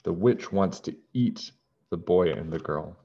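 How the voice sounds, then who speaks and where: A man, a teacher, reading a children's storybook aloud to his class in a slow, clear and expressive way, in a lo-fi recording. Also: low voice. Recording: dull lo-fi recording.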